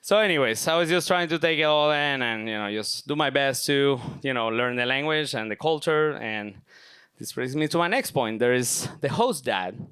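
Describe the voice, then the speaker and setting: Young man, smooth resonant storytelling voice. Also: medium pitch, lively intonation, moderate pace, a bit bright. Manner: casual, self-mocking, filler-heavy. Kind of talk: live personal storytelling. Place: stage at a live event.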